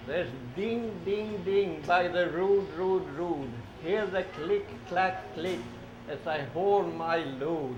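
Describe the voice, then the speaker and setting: A man's voice: fairly high pitch, slow pace. A man reading children's train picture books aloud in a sing-song way, repeating words and getting kids to say the train sounds along with him. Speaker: storybook reader for children. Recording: echoey room, dull lo-fi sound with noise.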